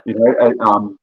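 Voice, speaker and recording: A man's voice: medium pitch, muffled recording. A man with an Australian accent, a podcast guest telling long, rambling stories and laughing often. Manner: rambling storyteller, laughs often, self-corrects. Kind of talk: casual conversation.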